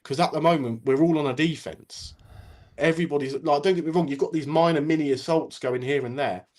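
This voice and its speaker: A man's voice: on the high side, brisk, a little mellow. A man ranting casually as a guest on a talk stream, blunt and full of swearing.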